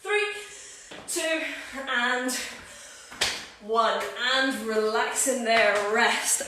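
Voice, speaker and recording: At home, a female fitness coach with a high-ish voice gives upbeat workout cues and counts down reps in a live session, speaking extremely slowly. The room is echoey, she's far from the mic, and there's background noise.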